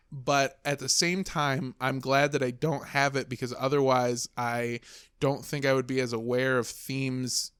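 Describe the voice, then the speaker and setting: A man's voice: mid-range voice, fairly bright tone, clear, resonant tone, no echo, clean studio sound. A man talking as a podcast guest in casual chat, earnest and rambling, swearing freely.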